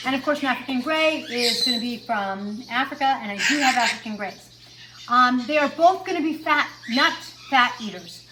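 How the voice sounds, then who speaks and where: A woman's voice: sits high, expressive, normal speed, noisy background. A woman vlogging casually about her pet parrots, talking with fillers and self-corrections. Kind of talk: casual chat to camera.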